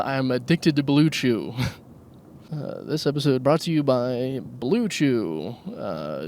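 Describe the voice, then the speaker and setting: A man's voice: medium pitch, darkish tone, a little hiss or hum. Crude self-mocking man rambling in a car. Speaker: podcast host. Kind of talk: solo comedic rambling podcast. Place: car, driving. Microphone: handheld microphone.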